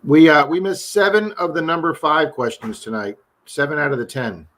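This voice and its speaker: Chatty guest man, higher-pitched, self-mocking, casual stream talk. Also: moderate pace, fairly bright tone. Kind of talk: casual chat.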